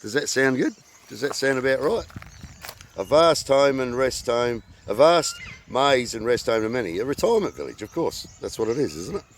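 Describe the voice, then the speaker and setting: An Australian man in his fifties hosting his channel in casual, halting talk full of fillers, recorded outdoors. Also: mid-range voice, big pitch swings, a little hiss or hum. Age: 50s. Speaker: channel host.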